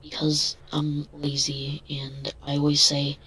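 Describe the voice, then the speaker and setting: Flat, crude young man on a voice call. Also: a little high, unhurried, creaky, few pauses, slightly rough, rough recording. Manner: crude, sarcastic, flat delivery. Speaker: guest. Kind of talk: casual voice call chat. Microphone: online voice call.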